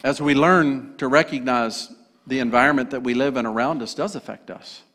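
A man's voice: mid-range voice, moderate pace, a bit bright. A male pastor preaching a sermon in an earnest, emphatic way. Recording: echoey hall.

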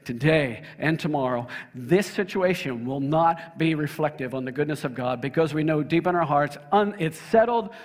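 A man's voice: a little high, long reverb tail. An older man, a pastor, preaching an emphatic sermon and leading his congregation in call-and-response. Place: church sanctuary.

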